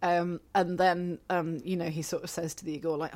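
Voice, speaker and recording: A woman's voice: fairly low pitch, little pitch movement, fairly quick, few pauses, darkish tone. A woman co-hosting a comedy podcast, rambling through a story with lots of fillers. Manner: rambling, full of fillers and laughs. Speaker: podcast co-host. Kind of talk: casual comedy chat.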